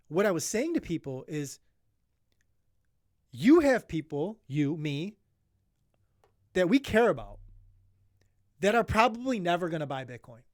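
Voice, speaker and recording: Earnest rambling man, higher voice. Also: no echo, studio quality. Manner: earnest, rambling, many restarts and fillers. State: emotional. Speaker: podcast co-host. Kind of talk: casual podcast chat.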